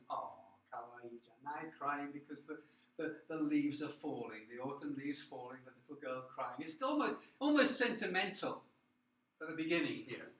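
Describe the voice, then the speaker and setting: In an echoey classroom, a man with a bright, slightly raised, a little high voice delivers a literature lecture. He explains patiently, keeps checking that listeners follow, and reads verse aloud slowly.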